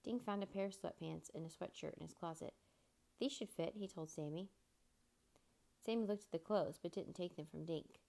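Gravelly-voiced woman reading a children's book. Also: on the low side, a little fast, mellow. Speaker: narrator. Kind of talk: children's book read aloud.

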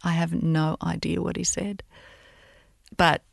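A middle-aged woman, a mother, recounting a painful memory in an interview, halting and emotional, often restarting her sentences. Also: fairly low pitch, flat delivery, creaky, no echo, clean studio sound. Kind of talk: personal storytelling in an interview.

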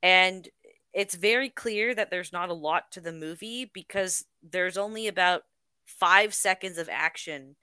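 A woman with a lowish, bright, sharp voice chats on a podcast. She gives blunt opinions on films, with plenty of filler words. The recording is dry and close. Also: unhurried, clean tone, dry recording. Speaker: podcast co-host and film reviewer. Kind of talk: casual chat.

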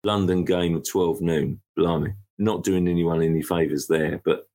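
A man hosting a casual football chat, relaxed and chatty. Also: deep voice, moderate pace. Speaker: show host.

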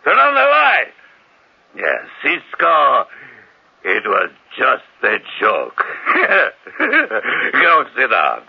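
A man's voice: huge pitch swings, heavily acted. An actor playing an aging male dictator, mocking and self-pitying, in an old radio drama. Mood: gloating. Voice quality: deep gravelly voice, slow deliberate delivery. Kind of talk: 1940s-50s radio drama acting. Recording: dull lo-fi old radio recording.

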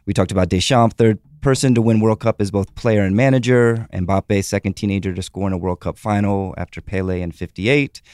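A man hosting a casual sports podcast, briskly reading off quick facts and chuckling. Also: lowish voice, steady tone, darkish tone, clean tone, no echo. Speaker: podcast host.

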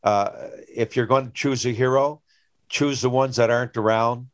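A man's voice: medium pitch, moderate pace, dry recording. Rambling older man. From Newfoundland, Canada. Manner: rambling storyteller, animated when retelling anecdotes. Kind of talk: casual chat.

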